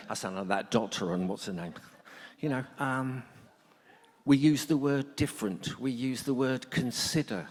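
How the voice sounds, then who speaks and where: A middle-aged man speaking to a workshop audience, a blunt and joking storyteller. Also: mid-range voice. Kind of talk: humorous talk to an audience. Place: conference hall. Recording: long hall reverb.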